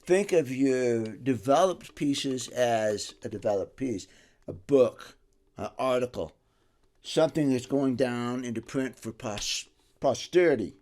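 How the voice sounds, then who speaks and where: Guy teaching music at home, rambly and animated, gets loud then goes soft, mid-range voice. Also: medium pitch, a little slow. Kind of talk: casual instructional talk.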